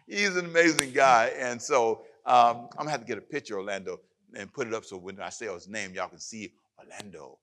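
Bright-voiced preaching pastor. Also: male voice, mid-range voice, fairly quick, hardly any pauses, a little hiss or hum. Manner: animated preaching, rising loud on scripture. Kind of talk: sermon with Q&A. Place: church hall with live audience.

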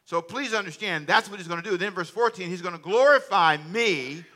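Pastor, male, bright and fairly high voice, lively sermon delivery, banters with the congregation. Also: brisk.

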